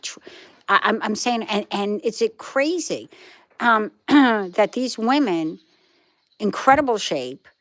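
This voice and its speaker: Here the Brooklyn host's voice sits on the low side and sounds a bit bright, with no echo. A middle-aged woman, she responds to viewer comments on her live stream as a chatty storyteller who wanders, trails off and picks back up.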